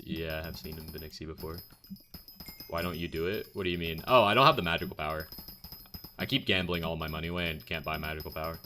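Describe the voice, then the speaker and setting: Deep-voiced young man chatting on stream. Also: bright, forceful tone. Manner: chatty, blunt, answers chat questions. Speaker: game streamer. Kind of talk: casual live-stream chat reading viewer questions.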